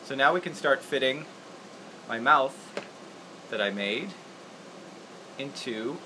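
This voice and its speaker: A man's voice: medium pitch, expressive, takes it slowly, bright, forceful tone, slight background noise, poor audio. A man hosting a casual livestream puppet-making tutorial, rambling and laughing at himself as he works. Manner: rambling, laughing, self-deprecating. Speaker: puppeteer host.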